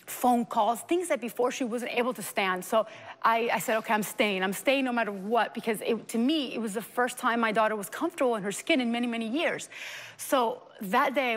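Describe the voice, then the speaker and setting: An earnest woman with a slightly high voice recounts a personal story as an interview guest, acting out quoted dialogue with feeling. Her voice carries a long studio reverb. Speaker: guest, mother sharing her daughter's treatment story.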